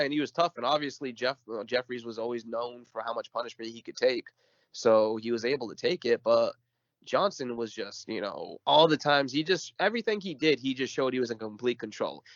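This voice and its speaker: A man co-hosting a podcast, recounting a story in relaxed casual chat with fillers. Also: mid-range voice, brisk, no room sound, lo-fi sound. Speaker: podcast co-host.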